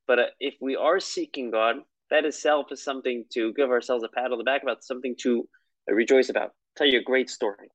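A man's voice: mid-range voice, dry recording, low-quality recording. A man teaching a lesson on prayer in a conversational, storytelling way, with asides.

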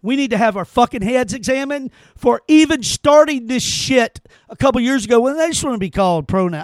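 High-pitched man in an angry rant. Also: expressive, brisk, no room sound, studio quality. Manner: heated, cursing, emphatic repetition. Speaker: podcast host.

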